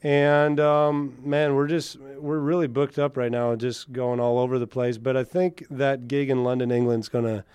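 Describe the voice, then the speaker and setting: Chatty, smooth-voiced man from Canada. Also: medium pitch, little pitch movement, moderate pace, few pauses, darkish tone, no room sound. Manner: chatty storyteller, laughs easily. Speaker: country singer, guest. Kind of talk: casual interview chat.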